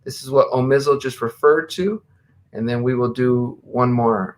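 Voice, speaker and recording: A man's voice: mid-range voice, moderate pace. Host, an American man with a mid-range voice, conversational, reads quotes aloud. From USA. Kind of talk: casual live-stream chat.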